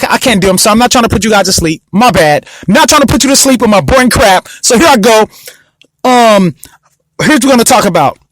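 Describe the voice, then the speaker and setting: A man hosting his own podcast in a rambling, casual way, with sarcastic asides about how excited he is. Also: sits high, fairly quick, no room sound. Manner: sluggish, mock-excited intro. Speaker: podcast host.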